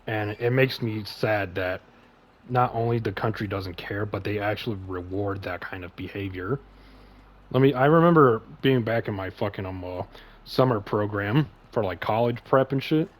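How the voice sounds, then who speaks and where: A man's voice: lowish voice, moderate pace. Rambling, swearing man streamer. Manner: rambling, heavy swearing, many fillers. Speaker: podcast host and streamer. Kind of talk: casual opinion chat.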